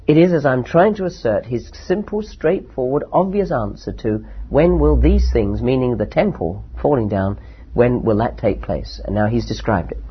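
A man teaching verse by verse from the Bible, reading scripture slowly and then explaining it with emphatic rises. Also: medium pitch, expressive, husky. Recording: dull lo-fi recording.

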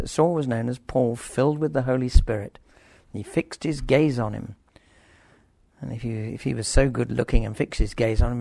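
Gravelly older man teaching scripture. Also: mid-range voice, warm tone, dry recording. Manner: discursive, wry asides, reads scripture aloud with force. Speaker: Bible teacher. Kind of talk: informal Bible exposition.

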